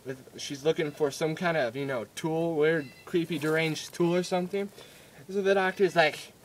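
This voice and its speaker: A man's voice: a little high, steady tone, normal speed, slight background noise. A young man telling a story in a casual vlog, rambling and giggly, with many fillers and restarts. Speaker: vlogger.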